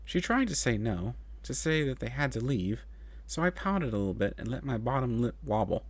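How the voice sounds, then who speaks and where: Expressive male storyteller, dry close sound. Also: medium pitch, normal speed, no room sound. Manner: expressive, melodic reading. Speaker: narrator. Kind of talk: storybook reading in a child's first-person voice.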